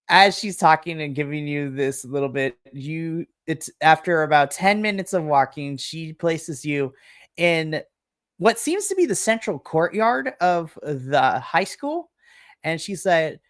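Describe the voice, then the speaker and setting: A woman's voice: deep voice, measured pace, no room sound, clean studio sound. A woman game master narrating a tabletop role-playing game, chatty and full of laughs. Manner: chatty, laughs often, uses like a lot.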